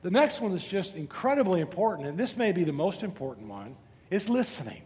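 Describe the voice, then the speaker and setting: A middle-aged man preaching a sermon as pastor, telling animated stories and asking rhetorical questions, often repeating words. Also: high-pitched, fairly quick. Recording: reverberant hall with faint noise.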